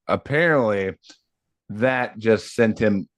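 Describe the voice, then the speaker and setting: Speaking extremely slowly in a lowish voice, a man in his thirties co-hosts a casual podcast. He's an animated storyteller who laughs often and acts out quotes. The sound is dry and studio-clean.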